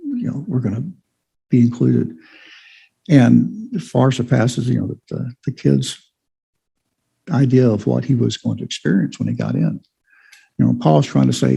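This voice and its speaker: A man's voice: mid-range voice, animated, measured pace, gravelly, long pauses, dark tone, husky, rough recording. A man giving an informal church Bible lesson, rambling with many fillers and restarts. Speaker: Bible study teacher.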